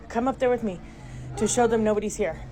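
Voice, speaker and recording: A middle-aged mother filming inside her house, talking to viewers, swinging between hushed whispers and panicked exclamations. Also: a little high, normal speed, music in the background. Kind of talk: frightened handheld home video narration. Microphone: handheld phone camera. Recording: noisy phone recording.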